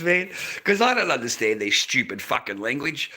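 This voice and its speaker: A man's voice: medium pitch, sing-song, moderate pace, pushed and bright. An Australian man talking casually to camera, ranting and swearing constantly. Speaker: vlogger selling handmade masks.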